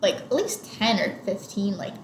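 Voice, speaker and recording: A woman's voice: mid-range voice, big pitch swings, normal speed. A young woman co-hosting a podcast, chatting casually about a movie and retelling scenes with lots of "like". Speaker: podcast co-host. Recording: roomy with faint background noise.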